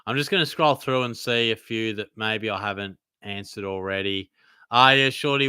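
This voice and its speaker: A young Australian man hosts a live Q&A and reads chat questions aloud in loose, easygoing banter full of "mate". His voice is bright and crisp, and the recording sounds dry and close. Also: on the low side, moderate pace, no room sound. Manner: casual, laid-back banter with frequent mates and fillers. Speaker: host.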